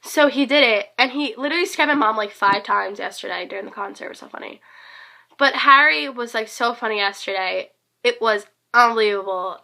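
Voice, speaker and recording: Hoarse, bright-voiced teenage girl. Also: fairly high pitch, fairly quick. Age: teens. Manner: rambling, gushing, many fillers. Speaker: concert fan vlogger. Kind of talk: casual vlog recap.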